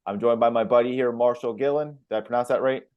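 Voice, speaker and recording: An upbeat man hosts a podcast, greeting his audience and his guest in a friendly, casual way. His voice sits in an ordinary middle pitch, and he lets a curse word slip now and then. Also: fairly even intonation, quick pace, smooth, muffled recording. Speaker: podcast host.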